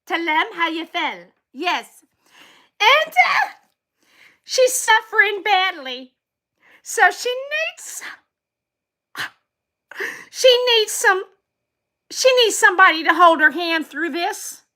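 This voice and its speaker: A woman's voice: extremely high pitch, lively intonation, a little slow, pushed and bright. A woman who grooms dogs, hosting a silly improvised live skit in a playful, repetitive way and breaking into laughs.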